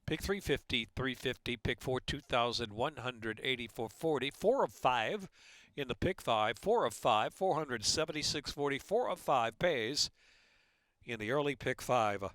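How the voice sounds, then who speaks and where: A man with an American accent calling horse races and reading track announcements in a brisk, rhythmic way. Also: mid-range voice, dry recording. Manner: brisk, rhythmic, rising to a loud excited call in the stretch.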